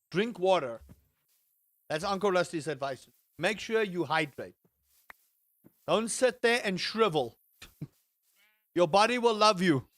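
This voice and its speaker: A man's voice: high voice, fairly bright tone, no room sound. A man hosting a livestream in casual chat, reading out and answering chat with playful jokes and mock outrage. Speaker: livestream host.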